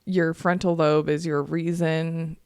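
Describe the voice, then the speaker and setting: A woman co-hosting a casual podcast chat, telling stories and explaining ideas in a calm teaching tone. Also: low voice, slow pace, smooth, dry recording, studio quality. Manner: storytelling, animated with laughs. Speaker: podcast co-host.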